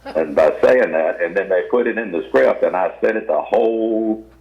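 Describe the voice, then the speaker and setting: An older Southern US man, a guest actor, rambles through folksy stories in an interview captured as dull, lo-fi radio audio. He speaks at a normal speed with a fairly low pitch and vocal fry, and a crowd can be heard behind him.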